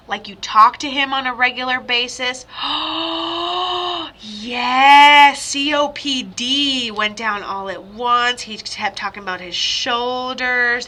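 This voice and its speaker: A woman psychic medium talks through a reading for a client in a loose, rambling way. Her voice sits high and sounds bright and sharp. She breaks into sudden excited outbursts now and then, heard over a video call.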